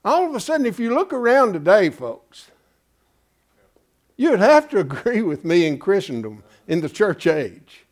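A man's voice: high voice, sing-song, a little slow. A man preaching a Bible-study sermon, emphatic and folksy, often asking his congregation rhetorical questions. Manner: folksy, calls listeners "folks".

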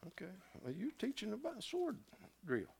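A man's voice: sits high, moderate pace, vocal fry, slight background noise. A man teaching a Bible class in a loose, conversational way, often stopping to quiz his listeners and restarting his sentences. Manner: animated, self-interrupting, asks the class questions.

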